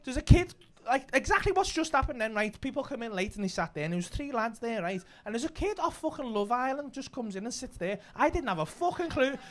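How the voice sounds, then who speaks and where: A man with a Liverpool accent, a comedian and club host telling stories in casual chat, swearing freely with rapid banter. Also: very high voice, sing-song, fairly bright tone. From Liverpool, England.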